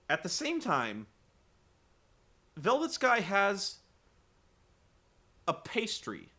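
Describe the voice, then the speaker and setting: A man recapping a wrestling show for comedy, rambling and incredulous, swearing and acting out the quotes loudly. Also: high-pitched.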